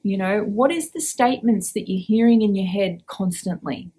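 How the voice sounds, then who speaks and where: A woman hosting a reflective podcast, gently asking the listener questions and guiding a check-in. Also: medium pitch, normal speed, slightly rough. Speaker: podcast host.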